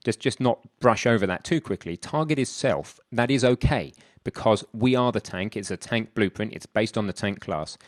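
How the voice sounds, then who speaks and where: Male tutorial instructor, low-pitched, dry close sound, chatty and thinking aloud at the keyboard. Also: no echo. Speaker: programming instructor. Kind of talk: screen-recorded coding tutorial.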